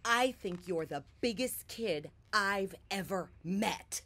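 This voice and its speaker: A woman's voice: mid-range voice, lively intonation, slow. A woman voicing a small, timid schoolboy who speaks hesitantly in a picture-book reading. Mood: shy. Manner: hesitant, soft-spoken.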